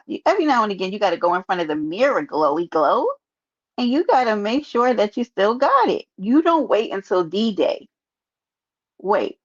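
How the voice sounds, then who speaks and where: A gravelly New York woman livestreams in casual chat, playfully joking and speaking straight to her viewers. Her pitch is medium, and the stream audio is muffled and lo-fi.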